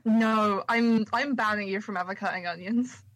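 A woman's voice: mid-range voice, normal speed, dry recording, rough recording. A woman co-hosting a podcast in casual chat, joking and teasing, swearing now and then. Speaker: podcast co-host.

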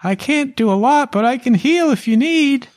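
Give me a flustered little halfling lady, squeaky and bouncing all over, as a man puts her on. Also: animated, moderate pace, no room sound, studio quality. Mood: anxious eager. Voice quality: high squeaky put-on voice. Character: tiny flustered female halfling villager, kindly.

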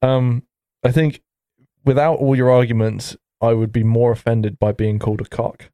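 A man's voice: mid-range voice, little pitch movement, moderate pace, mellow, smooth, no echo, clean studio sound. A young man hosting a comedy podcast, rambling through silly scenarios and giggling often. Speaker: podcast host setting the questions. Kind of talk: casual comedic banter.

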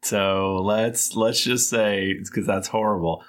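A man narrating as game master of a tabletop game, in a halting style full of fillers. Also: lowish voice, fairly even intonation, noisy background.

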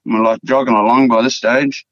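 Telling a story as a podcast guest, a Northern Territory Australian rambles casually, swearing and recycling fillers and words. His mid-range voice is level and fairly quick, recorded in dull, dry lo-fi audio with no room sound.

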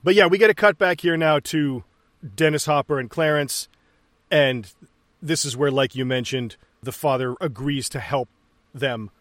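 A man's voice: fairly high pitch, normal speed, a bit bright, no room sound. A man co-hosting a podcast, chatting casually about a movie, swearing freely and laughing often. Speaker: podcast co-host. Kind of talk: casual movie commentary chat.

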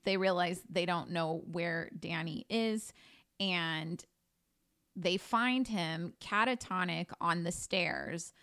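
A woman's voice: lowish voice, takes it slowly, a bit bright, clear, resonant tone, no echo, studio quality. A woman co-hosting a podcast, expressively recapping a book's plot in casual chat. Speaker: podcast co-host. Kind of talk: casual book-discussion chat.

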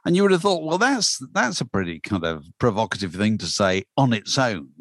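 A man's voice: lowish voice, very animated, fairly quick, a bit bright, no echo. A man chatting casually as co-host, wry and dryly witty. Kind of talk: casual chat.

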